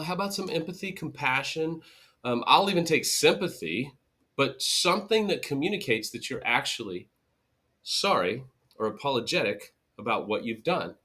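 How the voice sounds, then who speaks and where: A middle-aged man hosting his own podcast, talking straight to listeners in an animated way. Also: medium pitch. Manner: animated, mocks bad apologies in sarcastic voices. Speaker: podcast host. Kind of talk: solo podcast talk.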